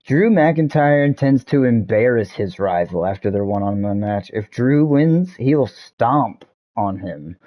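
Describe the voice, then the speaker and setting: A man's voice: medium pitch, animated, a little slow, hardly any pauses, dark tone, low-quality recording. A young man hosting a gaming video, rambling and joking with frequent laughs and swearing. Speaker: gaming channel host. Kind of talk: let's-play commentary.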